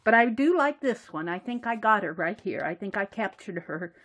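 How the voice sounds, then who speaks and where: A woman vlogger walking through her sketchbook in casual show-and-tell narration, chatty and quick to laugh. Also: mid-range voice, expressive, fairly bright tone. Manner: chatty, laughs often, acts out little dialogues. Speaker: art journaling vlogger.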